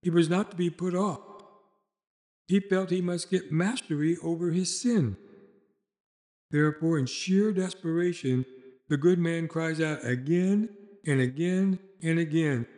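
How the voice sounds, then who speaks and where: Male preacher, higher-pitched voice, earnest exhortation, read-aloud sermon. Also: a little slow, darkish tone.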